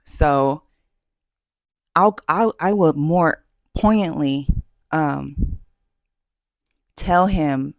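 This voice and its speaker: A woman's voice: deep voice, very slow, long pauses, no echo, studio quality. A woman vlogger giving dating advice in a casual, self-assured way, emphatic and full of fillers and restarts. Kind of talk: casual talking-head advice.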